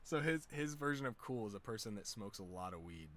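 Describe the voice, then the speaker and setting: A man's voice: lowish voice, lively intonation, fairly quick, a bit bright. A man streaming from home, telling stories in a loose, profane, laid-back way. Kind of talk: casual storytelling chat.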